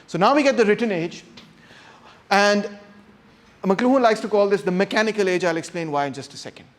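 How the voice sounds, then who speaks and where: A man giving a classroom lecture, talking straight to students without a microphone and acting out intonation with emphatic, animated delivery. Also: high voice, a little fast. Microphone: no microphone, unamplified voice.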